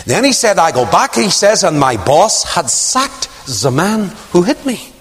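Animated preacher man in a reverberant hall. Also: measured pace. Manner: storytelling, swoops high for emphasis, hushes low for asides. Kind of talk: sermon.

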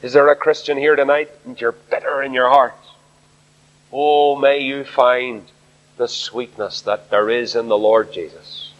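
A man's voice: medium pitch, steady tone, measured pace. A man preaching an earnest sermon at a Bible study, asking rhetorical questions. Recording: echoey hall, dull lo-fi sound.

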